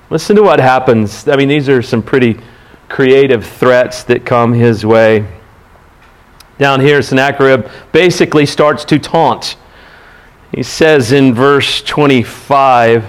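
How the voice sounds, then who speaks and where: A man preaching a sermon, asking the listeners questions and reading scripture aloud in an animated way. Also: fairly high pitch. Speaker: pastor.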